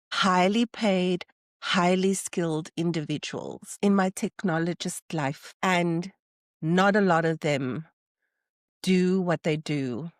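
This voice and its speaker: A woman hosting a casual solo podcast, talking in an animated way and acting out the people she quotes. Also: no room sound, clean studio sound. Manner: animated, acts out quoted people with rising pitch. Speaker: podcast host.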